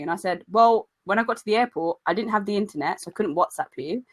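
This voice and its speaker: A woman's voice: mid-range voice, quick pace, hardly any pauses. A young woman, co-hosting a podcast in casual chat and telling stories with acted-out quotes. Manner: lively storyteller, acts out quoted voices. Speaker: podcast co-host.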